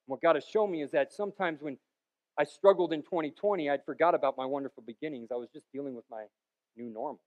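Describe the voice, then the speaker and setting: A male pastor with a high voice delivers a sermon full of playful, wandering asides. His delivery swings between loud, emphatic bursts and softer stretches. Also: quick pace, narrow, tinny audio. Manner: jokey, rambling asides with sudden loud peaks.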